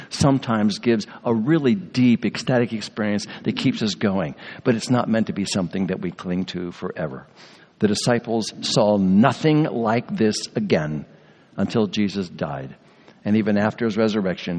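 Man preaching in a reverberant hall. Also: on the low side. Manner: earnest storytelling, slows and softens at key words. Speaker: pastor. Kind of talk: sermon. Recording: long reverb of a large hall.

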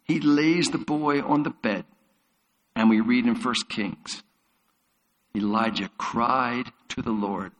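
A man's voice: medium pitch, slow, a bit bright. A man preaching a sermon as a pastor, retelling Bible stories vividly. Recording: long hall reverb.

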